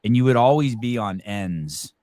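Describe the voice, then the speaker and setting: A man's voice: on the low side, animated, normal speed, a little mellow, no room sound. A man hosting a podcast, asking rambling, conversational questions full of fillers. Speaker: podcast host. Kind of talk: casual interview talk.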